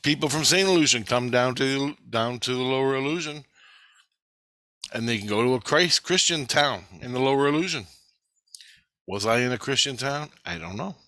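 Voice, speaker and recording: A man tells a long dream story in a rambling, excitable way, swearing freely and repeating phrases as he goes. His voice has a bright, forceful edge at a middling pitch. The recording is dry and close, with no room sound around him. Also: moderate pace, dry recording. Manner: excitable, profane, repetitive storytelling. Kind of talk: rambling first-person dream account.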